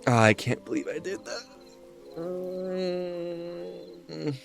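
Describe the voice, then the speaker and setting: Slow, gravelly-voiced man streaming a game. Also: high-pitched, soft background music. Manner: rambling, easygoing, thinking aloud. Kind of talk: casual chat while gaming.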